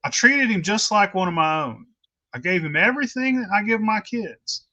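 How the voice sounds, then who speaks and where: A man's voice: high-pitched, lively intonation, normal speed, sharp tone. A man telling a long personal story in casual, blunt, heavily cursing talk, with rambling restarts. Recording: dull lo-fi recording.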